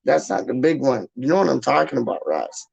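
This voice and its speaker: A man's voice: medium pitch, very animated, fairly quick, gravelly, darkish tone, husky, dull audio. A man chatting loosely late at night at home, calling the viewer "dog" and breaking into football chants. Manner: keeps saying "dog" and "how you mean", sings football chants. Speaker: vlogger. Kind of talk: rambling late-night casual chat. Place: home, just out of the shower.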